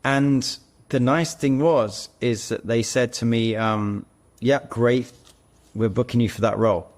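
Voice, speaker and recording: A man's voice: mid-range voice, fairly even intonation, measured pace. A man speaking as a guest, co-founder of an audition platform, in a casual podcast conversation, explaining at length and telling earnest stories. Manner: earnest storyteller, talks in long run-on explanations.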